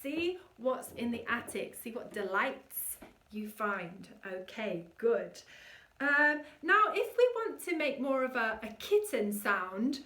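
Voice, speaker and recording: A woman voice coach leading an energetic vocal warm-up and demonstrating the exercises herself. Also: on the high side, slow, roomy sound, recorded from a distance.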